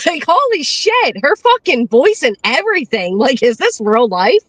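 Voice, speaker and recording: A high, lively female voice with animated swings, recorded dry and close. She jeers sarcastically at what she is watching and swears freely. Her talk is quick and scornful. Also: dry recording. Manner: mocking, sarcastic, swearing, laughing asides. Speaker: co-commentator. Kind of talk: mocking commentary chat.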